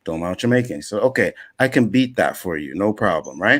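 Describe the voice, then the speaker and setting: A man's voice: on the low side, a little fast. A man from Nova Scotia, Canada, telling stories on a casual panel show and acting out other people's lines as he goes. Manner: animated storyteller, acts out other people's lines.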